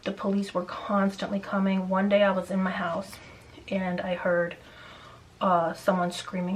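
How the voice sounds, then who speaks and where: A woman's voice: medium pitch, little pitch movement, moderate pace, slight background noise, rough recording. A woman vlogger telling a neighbor story in casual, rambling chat, venting with frequent restarts.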